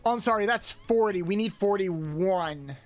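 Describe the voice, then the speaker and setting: A woman's voice: mid-range voice, unhurried, faint music behind. Streamer woman counting reps between jokes. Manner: counting reps aloud, grumbling and joking with chat. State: doing exercises between lines. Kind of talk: casual live-stream chat.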